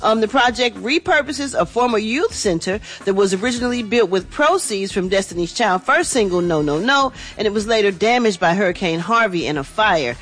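A woman's voice: mid-range voice, lively intonation, fairly quick, hardly any pauses, fairly bright tone. A woman hosting an entertainment news segment on a radio morning show, chatty and casual, calling listeners y'all.

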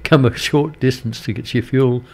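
An older Australian man presenting community radio, telling a story in a rambling, halting way with many fillers. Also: medium pitch, fairly even intonation. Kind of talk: casual radio chat between songs. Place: radio studio.

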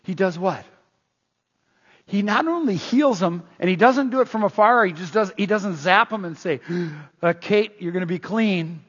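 Male pastor, sermon, high pitch, husky, rhetorical questions, lo-fi recording. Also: normal speed. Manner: animated, rhetorical questions, acts out quotes. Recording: echoey hall, dull lo-fi sound.

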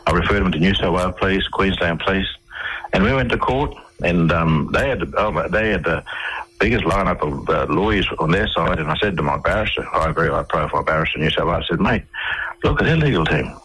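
A man's voice: low voice, animated, fast talker, fairly bright tone, slightly rough, low-quality recording. A man telling long, rambling anecdotes as a guest in a radio interview, often restarting his sentences.

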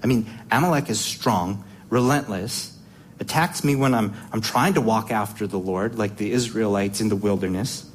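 A man's voice: lowish voice, moderate pace, slight background noise. A man preaching a sermon in an emphatic style, posing rhetorical questions and often repeating words as he restarts his sentences.

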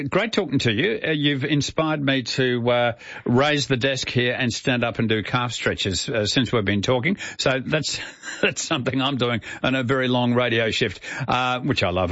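A man's voice: medium pitch, a bit bright, dry recording. Man, radio host, upbeat, chatty, dry, slightly dull sound. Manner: chatty, upbeat, hesitant fillers. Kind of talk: radio interview.

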